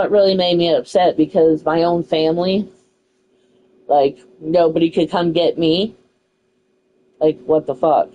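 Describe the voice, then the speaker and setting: A woman's voice: on the low side, warm tone, slight background noise, rough recording. A young woman telling a story in a casual, frustrated way, swearing freely and saying "you know" a lot. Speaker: streamer.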